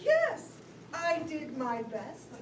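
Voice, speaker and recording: A woman's voice: high voice, wildly swooping pitch, very slow, exaggerated voice. An actress playing a flustered, snappy middle-aged mother of the bride on stage, heard from a distance in an echoey room with background noise. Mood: weary. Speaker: stage actor. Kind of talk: stage play performance.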